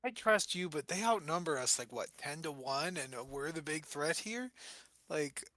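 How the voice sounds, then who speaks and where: A man's voice: a little high, animated, normal speed, pushed and bright. A man playing a tabletop game, talking in an easygoing way. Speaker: player. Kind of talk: casual tabletop play.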